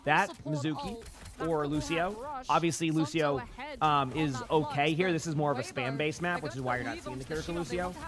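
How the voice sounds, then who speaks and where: Reacting to a pro match during a live stream, a man with a rather high-pitched voice delivers quick-fire esports commentary that sounds like an auctioneer's patter.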